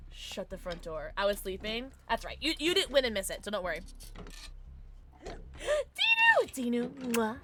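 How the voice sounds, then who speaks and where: Brief: female gaming streamer, bubbly and excitable, pitch leaps all over, recorded with steady background hiss. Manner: animated, squeals greetings to chat, swears casually. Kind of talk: live gaming stream chat.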